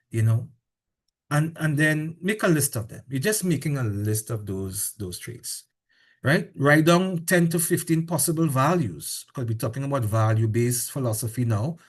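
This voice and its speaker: A man with a Trinidadian accent giving a university lecture, animated, repeating points and asking the class rhetorical questions. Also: a little high.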